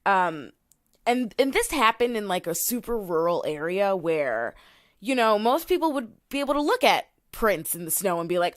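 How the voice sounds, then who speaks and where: A woman, co-hosting a podcast in casual chat, animated and full of fillers, reading quotes from her notes. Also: mid-range voice, moderate pace. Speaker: podcast co-host.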